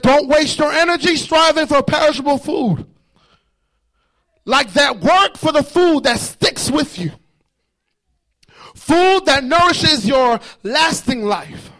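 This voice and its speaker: A man preaching a fervent sermon in church, shouting and repeating his lines. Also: very high-pitched.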